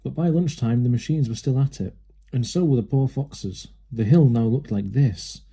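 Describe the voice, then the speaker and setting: A man narrating a children's storybook aloud with a steady, lively manner. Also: medium pitch, moderate pace, breathy edge. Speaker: reader.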